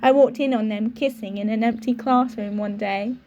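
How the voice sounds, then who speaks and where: A woman's voice: a little high, fairly even intonation, normal speed, mellow, lo-fi sound, a little hiss or hum, close to an everyday voice. A woman voicing a cheerful eleven-year-old girl witch in a chatty, giggly way.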